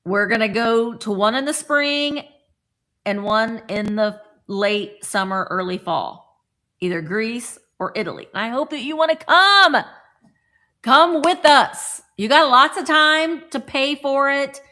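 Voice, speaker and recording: A woman's voice: on the high side, expressive, unhurried, bright, forceful tone. A woman hosting a live vintage sale, chatting casually with playful, rambling asides. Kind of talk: casual live-stream selling chat.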